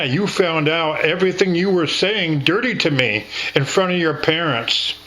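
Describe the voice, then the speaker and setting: A man's voice: high-pitched, sharp tone, low-quality recording. A man in casual conversation with his partner, rambling and blunt, with frequent swearing. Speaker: co-host recounting a shared memory.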